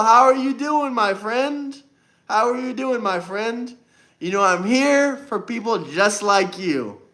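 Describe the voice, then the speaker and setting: A man's voice: extremely high pitch, a bit bright. A man hosting a political livestream, talking combatively and boastfully, often repeating a phrase for emphasis. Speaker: livestream host. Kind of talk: political livestream debate talk.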